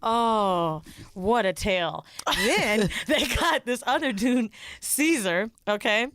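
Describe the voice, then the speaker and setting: A woman's voice: on the high side, slow. A young woman co-hosting a podcast, retelling a reality show with lots of swearing and acted-out quotes in casual chat. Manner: animated storyteller, swears freely, acts out quotes. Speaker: podcast co-host.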